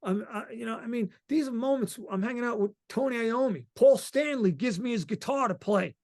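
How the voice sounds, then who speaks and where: Excitable Long Island musician rambling. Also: male voice, very high voice, fairly quick. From Long Island, New York. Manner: excited, rambling, swears freely. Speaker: musician guest. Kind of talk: casual interview chat.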